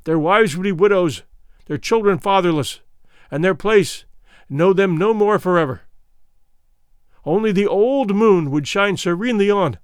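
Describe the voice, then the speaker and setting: A man narrating a first-person adventure novel in a measured, reflective storytelling manner. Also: sits high, smooth, dry recording, studio quality. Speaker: audiobook narrator.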